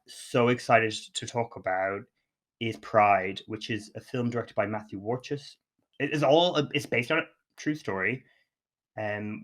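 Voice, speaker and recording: A man's voice: mid-range voice, a bit bright. A man co-hosting a podcast, chatting casually and enthusiastically about films, rambling with frequent restarts. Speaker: podcast co-host. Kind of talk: casual film chat.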